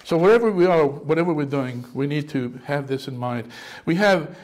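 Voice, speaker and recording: A middle-aged male pastor preaching a sermon in an animated way, often acting out the voices of people he quotes. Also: fairly high pitch, moderate pace.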